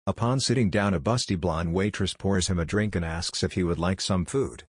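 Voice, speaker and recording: A man reads one joke after another in a flat, deadpan manner. His voice sits very low. The recording is close and dry, with no room sound. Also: normal speed, slightly rough, no room sound. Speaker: joke narrator. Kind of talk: reading jokes aloud.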